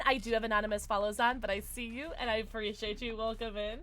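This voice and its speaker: A woman streaming a game live, chatting excitedly with viewers and her teammates and calling people love. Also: on the high side, fast, a little hiss or hum. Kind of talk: live gameplay commentary.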